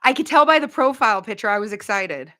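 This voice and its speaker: A woman hosting a casual livestream, chatting bluntly with viewers, with quick asides and no filter. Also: fairly high pitch, animated, sharp tone. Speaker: livestream host.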